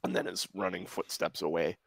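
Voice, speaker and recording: A man narrating a tabletop game as game master, halting and searching for words. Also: low voice, little pitch movement, gravelly, no room sound.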